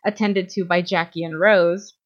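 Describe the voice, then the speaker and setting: A woman's voice: fairly low pitch, steady tone, moderate pace. A woman co-hosting a podcast in an easygoing, rambling way, full of "um"s and "you know"s as she restarts her sentences. The audio is a little dull and lo-fi. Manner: chatty, many fillers and restarts. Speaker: podcast co-host. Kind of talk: casual fan chat.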